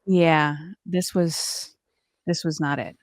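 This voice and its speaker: A woman's voice: deep voice, steady tone, takes it slowly, dry recording, studio quality. A woman co-hosting a podcast in casual chat, talking with lots of "like" and playful quoted voices. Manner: chatty, says "like" a lot, quotes people in playful voices. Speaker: podcast co-host.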